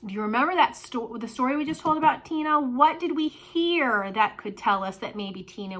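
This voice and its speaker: A woman teaching a lesson to young children, animated and sing-song, with playful exclamations. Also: sits high, moderate pace, few pauses.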